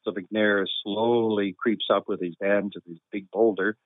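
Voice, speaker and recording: A man telling a long anecdote in a relaxed, wry way with chuckles and deadpan humor. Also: fairly low pitch, unhurried, dry recording. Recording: tinny phone-like line, dry.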